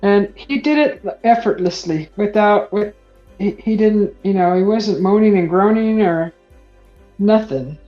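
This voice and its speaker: A woman's voice: mid-range voice, a little slow, muffled recording, faint music behind. A woman hosting a paint-and-chat live stream who laughs often and fumbles a little with the setup. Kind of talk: casual chat.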